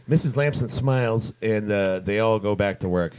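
A man's voice: on the low side, normal speed, darkish tone, clear, resonant tone. A man narrating a script's stage directions in a casual comedic table read, with lots of fillers and little side jokes.

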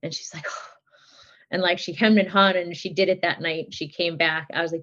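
On dull lo-fi audio, a middle-aged woman chats as a podcast guest about her children, full of fillers and quick to laugh. Her lowish voice stays steady, with a fairly bright tone and a moderate pace.

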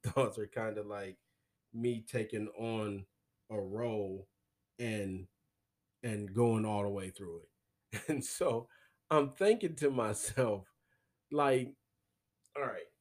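A man's voice: lowish voice, a little mellow. A man hosting a comedic solo podcast, rambling and swearing as he laughs through his own words. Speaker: podcast host.

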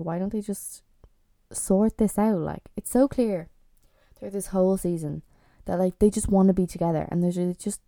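A woman's voice: mid-range voice, vocal fry, warm tone, dry recording. A young Irish woman in her twenties, chatting casually and with exasperation as a vlogger reviewing a TV series. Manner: chatty and exasperated, lots of fillers.

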